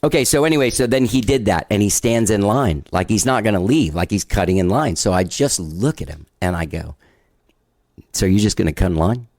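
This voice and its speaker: Guy hosting a podcast, rambly and self-deprecating, lowish voice, dry close sound. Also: lively intonation, a little fast, few pauses, darkish tone, no echo. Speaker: podcast host. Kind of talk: casual rambling monologue intro.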